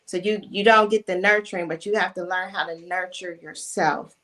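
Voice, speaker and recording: A woman's voice: on the low side, steady tone, normal speed, fairly bright tone. A woman sharing her own experience in an earnest, reflective, conversational way during a group discussion. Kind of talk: personal testimony in a casual discussion.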